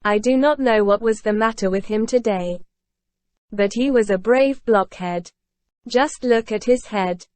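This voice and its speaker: A woman's voice: mid-range voice, unhurried, a little mellow, no room sound, close to an everyday voice. A woman reading the lines of a wry young male student speaking in a confiding aside.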